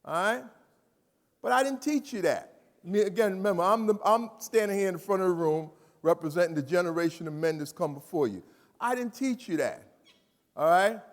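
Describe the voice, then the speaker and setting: A man giving an animated, emphatic talk to a live audience of students, repeating phrases and questioning the crowd. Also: sits high, brisk. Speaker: speaker addressing students. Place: large hall. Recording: reverberant hall.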